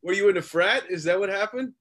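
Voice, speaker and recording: A male co-host ribs his guest with teasing, joking questions in a casual interview. His voice sits high for a man. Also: fast talker, fairly bright tone.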